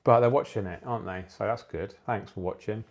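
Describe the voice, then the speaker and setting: A man in his forties hosts a relaxed livestream from his phone, his low voice thick with gravel. He sounds tired and keeps cracking jokes and laughing at them while he chats with viewers. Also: brisk. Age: 40s. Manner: jokey, chatty, laughs at his own jokes. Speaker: aquascaping channel host. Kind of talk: casual livestream chat with viewers. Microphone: phone used for the livestream.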